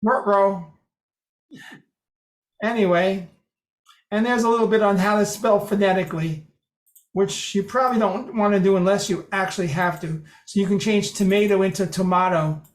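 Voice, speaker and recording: A man casually walking a group through software settings, with dry humor and little mimicked phrases. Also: high voice, steady tone, a little fast. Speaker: presenter demonstrating speech software. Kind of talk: casual group meeting talk. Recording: roomy echo.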